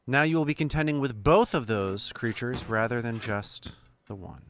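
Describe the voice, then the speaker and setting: A man's voice: medium pitch, expressive, normal speed, fairly bright tone, slight background noise. A man co-hosting a game stream, chiming in with dry, wry remarks and advice. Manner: dry, wry side comments. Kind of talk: casual let's-play banter.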